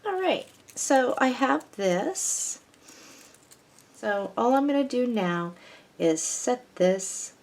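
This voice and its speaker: Slow, patient woman teaching a craft. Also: mid-range voice. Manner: patient, instructive, talks through each step. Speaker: craft tutorial host. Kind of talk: step-by-step craft demonstration.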